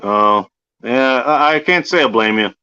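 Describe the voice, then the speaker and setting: A man's voice: mid-range voice, unhurried, bright, forceful tone, smooth. A man hosting a casual livestream chat, easygoing and profane, laughing often. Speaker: livestream host. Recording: slightly muffled lo-fi audio.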